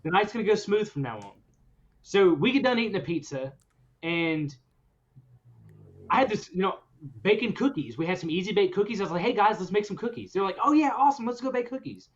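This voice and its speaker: A man with a notably high voice spins a story for his podcast co-hosts, animated and breaking into laughs along the way. The recording is muffled and lo-fi. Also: brisk. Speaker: podcast host. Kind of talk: casual storytelling chat. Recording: dull lo-fi recording.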